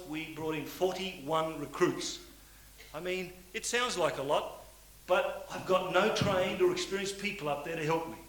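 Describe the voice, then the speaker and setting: A middle-aged man giving a motivational speech to a sales audience, swinging between loud preaching and quiet, confiding storytelling. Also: fairly high pitch. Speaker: motivational speaker at a sales meeting. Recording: hissy old cassette tape in a roomy hall.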